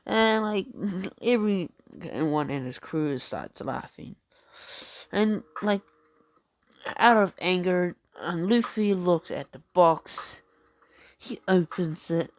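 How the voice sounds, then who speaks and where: Woman, improvised fan storytelling, hesitant, many fillers, low voice, slow pace. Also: animated, no room sound. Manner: hesitant, lots of fillers and self-corrections. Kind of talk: improvised fan-fiction narration.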